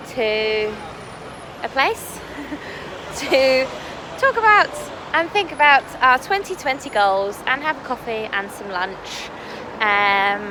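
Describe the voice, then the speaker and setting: A young woman vlogger chats casually into her phone camera, playful and quick to laugh, while out on busy city streets and in a café. Her voice is fairly high, and the phone recording picks up street and traffic noise.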